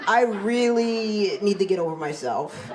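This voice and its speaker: A woman in her forties performing a stand-up set on a comedy club stage into a handheld mic, with a deadpan, self-mocking delivery. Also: medium pitch, unhurried, background noise. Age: 40s. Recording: live club with loud crowd laughter. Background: audience laughing.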